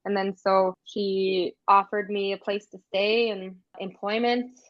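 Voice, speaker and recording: A woman's voice: mid-range voice, steady tone, unhurried, no echo, highs cut off. A woman from Canada, a podcast guest telling her own story in an earnest, matter-of-fact way, with frequent "like". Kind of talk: personal storytelling in conversation.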